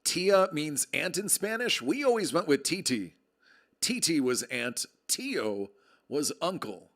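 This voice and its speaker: A man with a fairly high, bright voice speaks slowly, with big swings in pitch. He hosts a casual live stream, projecting into a close desk microphone with a level meter in a radio-style way, joking, chatting, and reading out viewer comments.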